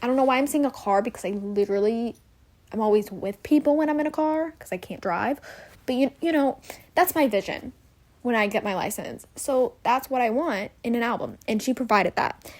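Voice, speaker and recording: Brisk and fairly high-voiced, this young podcast host talks alone in a relaxed way, gushing and wandering, correcting herself and filling gaps often, and sometimes sinking into a whisper.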